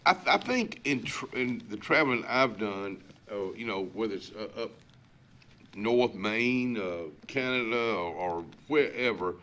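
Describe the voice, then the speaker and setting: Local morning host, man with an Alabama drawl, somewhat low voice and a bright, sharp tone, folksy and rambling. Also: animated, unhurried. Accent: Alabama Southern drawl. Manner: rambling, folksy, many fillers and restarts. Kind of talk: casual chat.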